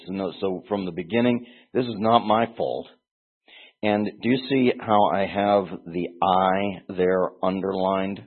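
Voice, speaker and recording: Male Bible teacher, low husky voice, earnest and emphatic, tinny lo-fi recording. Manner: earnest, explanatory, with frequent restarts and emphatic stresses.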